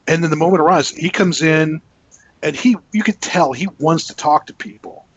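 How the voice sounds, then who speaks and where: A man with a slightly high voice tells a lively story as a podcast guest, acting out the people in it. The sound is muffled and lo-fi. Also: moderate pace, breathy edge. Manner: animated storyteller, acts out quotes. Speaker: guest author. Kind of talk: casual anecdote on a podcast.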